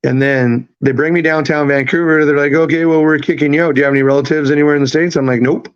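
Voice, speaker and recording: A man in his thirties, a podcast guest, telling his life story in a halting, rambling way with many fillers and restarts. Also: fairly high pitch, steady tone, clean tone. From Canada. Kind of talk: casual storytelling. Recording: slightly dull lo-fi audio.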